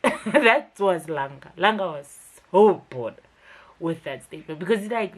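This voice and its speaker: A woman's voice: fairly low pitch, lively intonation, measured pace, slightly rough. A young woman, reviewing a TV series in a casual, chatty commentary vlog. She talks emphatically, with frequent fillers.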